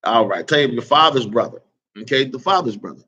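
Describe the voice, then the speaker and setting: A man teaching an Arabic vocabulary lesson, quizzing his students and repeating each word slowly. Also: mid-range voice, lively intonation, bright, forceful tone, breathy edge. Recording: dull lo-fi recording.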